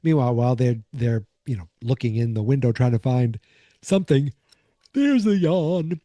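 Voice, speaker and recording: Sleepy man with a very dark voice. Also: medium pitch, a little fast, no room sound. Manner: rambling, lots of fillers and asides. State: sleepy, fighting off yawns. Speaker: podcast host. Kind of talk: casual episode recap.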